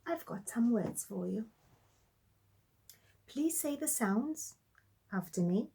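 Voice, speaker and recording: A woman teaching a children's phonics lesson, modelling sounds slowly and praising the class. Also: a little high, expressive, gravelly, warm tone, slightly rough.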